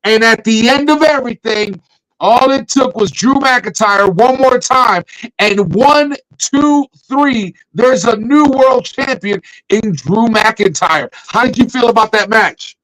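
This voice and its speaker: High-voiced man animatedly recapping wrestling. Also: takes it slowly, rough recording. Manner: animated storytelling, acts out his own reactions. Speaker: podcast co-host.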